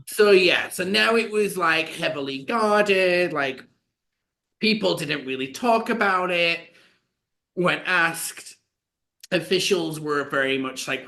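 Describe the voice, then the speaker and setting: A man co-hosting a podcast, telling a story in a chatty, animated way with lots of fillers. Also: sits high, slow pace, creaky. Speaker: podcast co-host. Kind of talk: casual storytelling chat.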